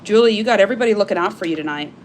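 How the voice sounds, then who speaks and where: A chatty woman hosts a casual live-stream sale, gushing and animated as she talks through each piece with plenty of fillers. Her voice sits at an ordinary middle pitch. A faint hum of room noise runs underneath. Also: racing. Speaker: live-stream seller of crystal carvings.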